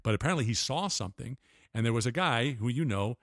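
Older guy rambling through stories, mid pitch, dry close sound. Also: animated, fast, no room sound. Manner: rambling anecdotes with restarts and laughs. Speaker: interview guest. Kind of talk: casual storytelling interview.

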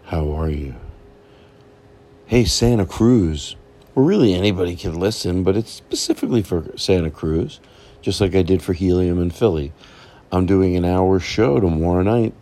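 A man with a deep, gravelly voice hosts his comedy podcast in a loose, rambling monologue. He talks slowly, circling back on his own phrases with a playful, mellow tone. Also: lively intonation. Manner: playful, repeats himself, laughs at his own lines.

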